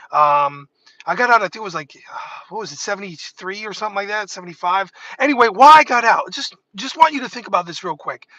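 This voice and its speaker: A man's voice: high voice, sharp tone, highs cut off. A man hosting a livestream, talking casually and animatedly to the camera, rambling and often interrupting himself. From New York State. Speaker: livestream host.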